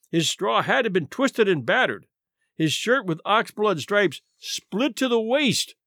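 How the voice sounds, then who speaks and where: Male audiobook narrator, expressive, slightly high voice. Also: dry recording, clean studio sound. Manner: expressive, measured storytelling.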